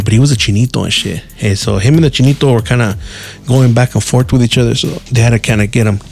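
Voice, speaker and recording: A man tells a loose, rambling story with lots of cussing and slang. His voice sits at a middle pitch with a gravelly, creaky edge, and faint music plays behind him. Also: darkish tone. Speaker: podcast host. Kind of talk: casual storytelling.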